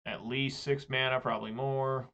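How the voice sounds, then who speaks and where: A man's voice: mid-range voice, little pitch movement, normal speed, a bit bright. A man casually commentating his own card game, rambling and swearing as he plays. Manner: rambling, profane, chatty asides.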